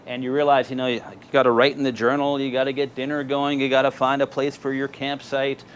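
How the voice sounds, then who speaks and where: A man's voice: medium pitch, level tone, brisk, slight background noise. A middle-aged Canadian man giving a casual talk to an audience, telling stories with lots of fillers. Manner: casual storytelling with many fillers. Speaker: presenter. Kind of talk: live talk with slides. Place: marina event space with audience.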